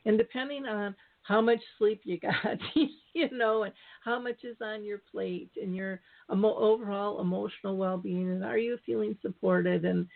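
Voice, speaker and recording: A woman's voice: mid-range voice, steady tone, moderate pace, vocal fry, few pauses. A woman hosting a radio interview, reflective and affirming as she talks. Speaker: radio show host. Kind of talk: casual interview chat. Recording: tinny phone-line audio.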